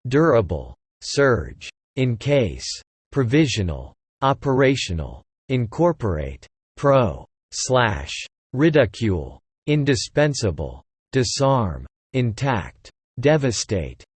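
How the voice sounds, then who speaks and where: A man reading single English vocabulary words one at a time in a slow, measured way. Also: medium pitch, husky, no echo. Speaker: vocabulary word reader.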